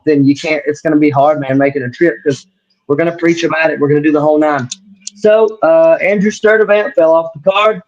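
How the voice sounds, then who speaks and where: A man hosting a casual podcast chat, telling stories and acting out quotes. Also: a little high. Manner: animated storyteller, acts out quotes. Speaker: host. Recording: dull lo-fi sound.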